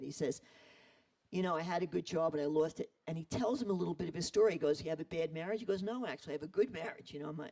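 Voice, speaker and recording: A man retelling a story in an animated way, acting out the quoted voices. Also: fairly high pitch, distant mic, poor audio. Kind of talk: storytelling talk.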